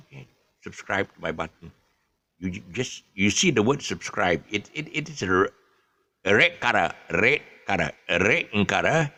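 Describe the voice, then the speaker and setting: A man's voice: on the low side, creaky, bright, forceful tone, no echo. A man with a Malaysian English accent, chatting casually and rambling through his explanations with many ums and restarts, adding jokes. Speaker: vlogger. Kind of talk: casual monologue explaining local slang.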